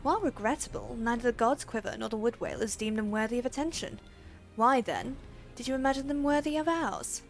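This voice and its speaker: A woman voicing a formal, aloof woman archer leader in a video game, reading in a stiff, measured way. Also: on the high side, soft background music, close to an everyday voice.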